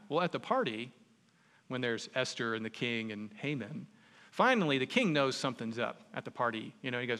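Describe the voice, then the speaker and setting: A man preaching a sermon, retelling a story in an animated, conversational way. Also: mid-range voice, a little fast. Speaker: pastor. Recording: long reverb in a large hall.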